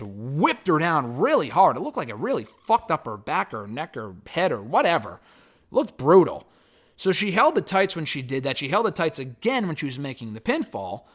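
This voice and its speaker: A man with a slightly high voice recaps a wrestling storyline in a loose, chatty review. His pitch swings widely and stays animated as he goes. He drops in casual swearing and brushes past details with offhand filler.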